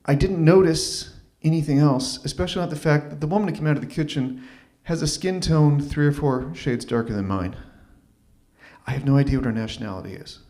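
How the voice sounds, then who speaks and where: Male open mic storyteller, wry self-deprecating delivery, halting restarts, stage mic. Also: on the high side, darkish tone. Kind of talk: live storytelling set. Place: small arts venue stage.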